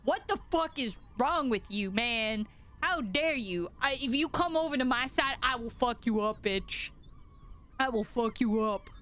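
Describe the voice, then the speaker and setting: A woman's voice: lively intonation, a little slow. A woman voicing a swaggering, profane seagull parent acting like a mafia boss, cursing and threatening intruders. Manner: high, shouting, cursing.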